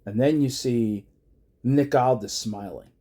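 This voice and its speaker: A man casually narrating a wrestling storyline idea in a low-key, unhurried way. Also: dark tone. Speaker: fan pitching a wrestling storyline.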